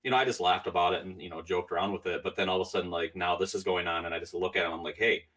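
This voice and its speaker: A man's voice: low voice, fairly even intonation, racing, a bit bright, distant mic. A man telling stories in a casual podcast chat, rambling with many fillers and restarts. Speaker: podcast guest.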